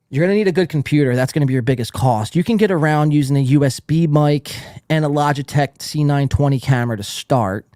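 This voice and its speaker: A man's voice: a little high, darkish tone, dry recording, clean studio sound. A young man hosting a podcast in casual chat, brash, teasing and profane. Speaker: podcast host.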